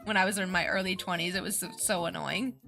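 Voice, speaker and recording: A woman's voice: on the low side, steady tone, fast talker, gravelly, pushed and bright, faint music behind. A woman streamer chatting casually, rambling with lots of fillers and giggles. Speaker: VTuber streamer.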